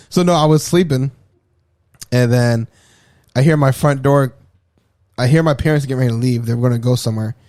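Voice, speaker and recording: A man co-hosting a podcast in casual chat, telling stories with energy and lots of swearing, and acting out what people said. His voice sits at a middle pitch. The sound is dry and close, with no room echo. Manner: animated, profane storyteller who acts out quotes and laughs often. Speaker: podcast co-host.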